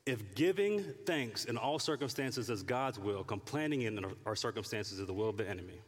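A male pastor preaching a lively sermon, acting out people's prayers and complaints in different voices. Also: on the low side, normal speed, big-room sound. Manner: animated, acts out prayers and complaints in character voices.

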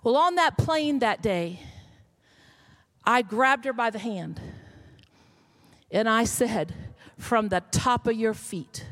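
A woman's voice: on the high side, animated, slow, fairly bright tone. A middle-aged woman pastor, telling a story in a sermon that builds to emphatic calls.

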